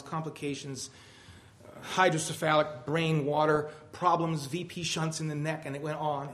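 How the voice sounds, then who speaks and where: A middle-aged man preaching a sermon, reading a poem aloud with rising, emphatic delivery. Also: medium pitch. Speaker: pastor.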